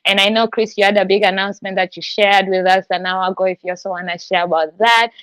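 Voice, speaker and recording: A woman's voice: mid-range voice, fairly even intonation, quick pace, a bit bright, clear, resonant tone, dry recording. A woman hosting a podcast, talking in an effusive, heartfelt way and laughing often. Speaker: podcast host. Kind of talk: emotional casual chat.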